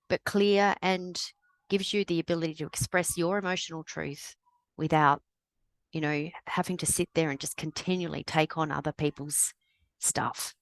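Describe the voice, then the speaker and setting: Podcast guest: woman with a lowish voice, candid and thoughtful, dry close sound. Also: dry recording. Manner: candid and reflective. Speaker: grief recovery specialist guest. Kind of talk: podcast conversation.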